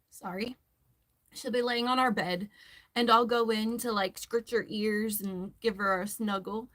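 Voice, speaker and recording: A woman's voice: a little high, steady tone, unhurried. A woman hosting a crochet tutorial, chatting casually and rambling as she works, laughing often. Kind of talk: casual chat while crocheting.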